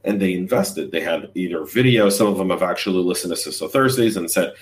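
Deep-voiced man giving blunt advice. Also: fast talker. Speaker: hiring leader and show co-host. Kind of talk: live career-advice chat. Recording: voice distant from the mic.

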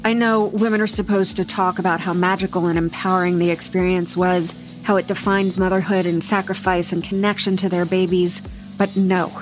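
A woman in her forties, an actress and author, talking frankly and with humor in an interview, sometimes swearing and telling lively stories. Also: mid-range voice. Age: 40s. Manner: frank, profane, animated storytelling. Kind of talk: candid interview conversation.

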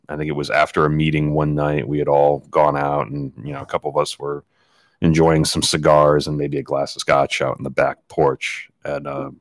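A man co-hosting a podcast, telling stories in a rambling, animated way. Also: a bass voice, no echo. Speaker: podcast co-host. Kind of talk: casual storytelling chat.

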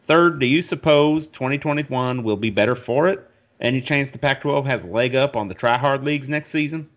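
A man's voice: medium pitch, normal speed, muffled recording, voice pushed up, lightly acted. A man reading a listener's letter aloud in a put-on Southern American accent, voicing a male fan. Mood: earnest.

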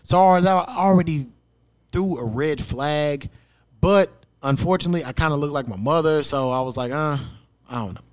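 A young man with a slightly high voice tells a story on his podcast. He curses constantly and keeps it animated. He jumps up loud whenever he quotes himself. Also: normal speed, smooth. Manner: profane, animated, acts out quotes loudly. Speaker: podcast host. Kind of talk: casual storytelling chat.

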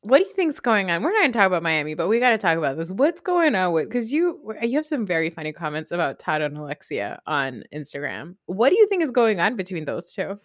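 A woman hosting a podcast, curious and quick to laugh, asking probing questions. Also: lowish voice, big pitch swings, no echo, studio quality. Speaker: podcast host. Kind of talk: casual chat.

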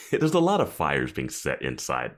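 Male podcast co-host, very deep voice, relaxed and rambling. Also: measured pace. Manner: relaxed, trails off, fillers like "like" and "you know". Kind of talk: casual recap chat.

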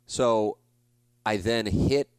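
A man's voice: fairly low pitch, drawn-out words, a little mellow, clear, resonant tone, dry recording. A man in his forties, a sports broadcaster, telling a story alone on his podcast in a rambling, confessional way, full of restarts and self-blame. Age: 40s.

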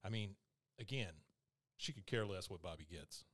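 A man's voice: sits low, expressive, normal speed, a bit bright, no echo, clean studio sound. A man co-hosting a casual podcast, retelling a cartoon episode scene by scene and quoting the characters. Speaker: podcast co-host.

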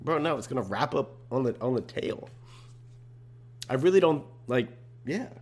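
A man's voice: medium pitch, lively intonation, normal speed. A young man hosting a casual solo podcast, talking in a laid-back, slangy way. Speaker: podcast host.

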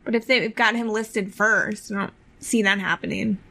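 A woman's voice: mid-range voice, fairly even intonation, moderate pace, gravelly, sharp tone. A woman co-hosting a casual sports podcast, asking short follow-up questions. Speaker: podcast co-host.

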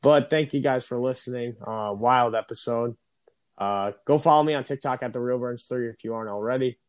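A man's voice: medium pitch, dry recording. Profane, grumbling young man, dry sound. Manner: profane, grumbling, quick to rant. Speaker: podcast host. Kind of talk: casual podcast banter. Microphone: recorded over a phone or call.

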